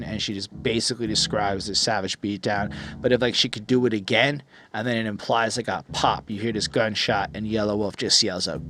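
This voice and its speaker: A young man hosts a podcast in a fairly low voice, speaking a little fast. He reviews an album in a rambling, casual way, retelling things animatedly and leaning heavily on "like" as a filler.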